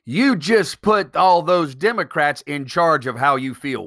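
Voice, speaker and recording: A man's voice: high voice, very animated, measured pace, few pauses, a bit bright. A man hosting a solo podcast, talking bluntly and emphatically, swearing freely and firing off rhetorical questions. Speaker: podcast host.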